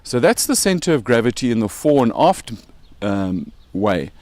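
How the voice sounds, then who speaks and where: Animated South African man explaining playfully. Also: mid-range voice, moderate pace, no echo. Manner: playful, joking, explains with props. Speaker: podcast host. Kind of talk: casual explanatory chat.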